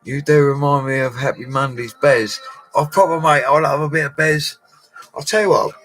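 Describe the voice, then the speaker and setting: A man's voice: on the high side, moderate pace, fairly bright tone, soft background music, poor audio. A middle-aged man, rambling through a casual live stream with laddish banter and frequent laughter. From Colchester, England. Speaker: livestream host.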